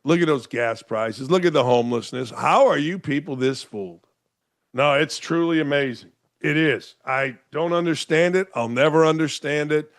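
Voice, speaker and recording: A male talk show host rants with sarcasm, firing off rhetorical questions. His voice sits a bit high for a man. The room sound is dry and close. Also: normal speed, no room sound. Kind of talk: opinionated commentary monologue. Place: home studio in Florida.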